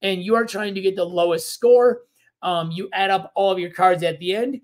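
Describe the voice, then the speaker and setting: Man, fairly high pitch, casual board game co-host, easygoing rambly explainer. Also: moderate pace. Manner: relaxed, rambling explanations with fillers. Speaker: podcast co-host.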